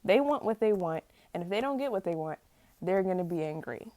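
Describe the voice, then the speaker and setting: A woman's voice: lowish voice, lively intonation, a little fast, warm tone, no room sound. A young woman ranting casually to camera, rambling and exasperated, stumbling over words and laughing at herself. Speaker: vlogger.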